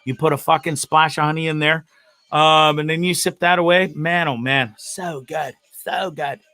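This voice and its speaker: A man's voice: on the high side, steady tone, normal speed, sharp tone, no room sound. A middle-aged man from Canada hosting a casual show, rambling crudely about his day, swearing freely and repeating himself. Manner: crude, profane, self-mocking and rambling; repeats words and restarts a lot. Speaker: host.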